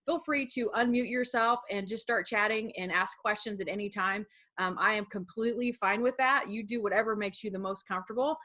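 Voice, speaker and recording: A woman in an online training session talks quickly and chattily, filling her speech with little fillers as she hurries through her material. She sounds relaxed and informal over a video call, and her voice sits at an ordinary pitch. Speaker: assistive technology specialist presenting a webinar. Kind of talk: casual, fast-paced webinar presentation.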